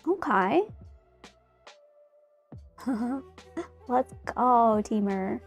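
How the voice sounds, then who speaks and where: Bubbly high-voiced young woman. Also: animated, extremely slow, slightly rough, soft background music. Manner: bubbly, rambling, giggly. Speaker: streamer painting a figure. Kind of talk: casual chat while crafting.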